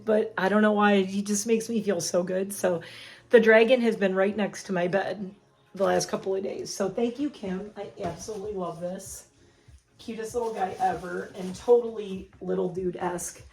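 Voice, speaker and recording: A woman's voice: medium pitch, steady tone, moderate pace, a little mellow. Chatty, sentimental middle-aged woman vlogger. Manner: chatty and sentimental, laughing often. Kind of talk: casual chat to camera. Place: home kitchen. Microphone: phone camera.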